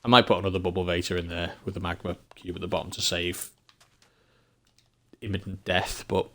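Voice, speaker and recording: A low-pitched English man giving relaxed, rambling commentary on a live game stream. He thinks aloud as he goes and breaks into chuckles now and then. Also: fairly quick. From England.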